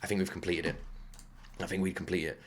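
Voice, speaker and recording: A British man hosting a music reaction channel, telling a rambling, excitable story in a casual chat to the camera from his home office. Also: low-pitched, fast talker.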